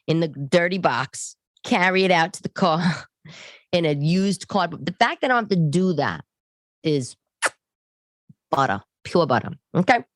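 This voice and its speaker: A woman's voice: lowish voice, sing-song, a little slow, long pauses, no echo. A woman in her forties with a New York accent, a comedian hosting a podcast from her living room, rambling on in a chatty monologue full of asides.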